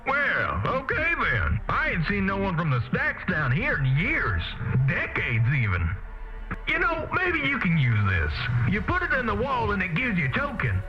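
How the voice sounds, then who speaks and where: A man's voice: high-pitched, wildly swooping pitch, moderate pace, dull audio. An actor playing a grizzled man in a video game, with a folksy Southern US drawl. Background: game music.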